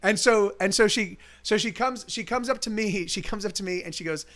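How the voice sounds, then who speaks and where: A man's voice: sits high, a little fast, a bit bright. A male musician streaming live, telling a rambling, casual story full of restarts and swearing, with faint guitar behind.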